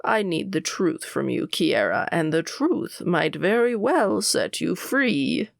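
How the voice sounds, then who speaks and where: A man's voice: big pitch swings, slow pace, creaky, no echo, studio quality, exaggerated voice. Woman voicing a cold, scornful male official. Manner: cold, condescending, lowered voice. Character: stern male school official, scornful and threatening.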